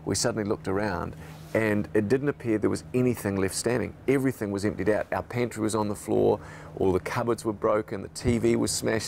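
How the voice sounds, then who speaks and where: A man's voice: on the low side, creaky, a little mellow, slight background noise. A New Zealand man, a radio host, recalling events in a reflective, emotional documentary interview.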